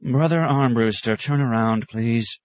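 A man voicing a stern, weary male abbot who speaks with measured, firm authority. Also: mid-range voice, voice pushed up, natural voice.

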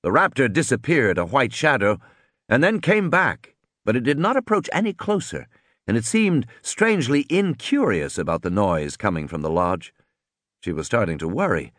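A man narrating an audiobook in a dramatic, expressive way. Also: mid-range voice, normal speed, no room sound, studio quality.

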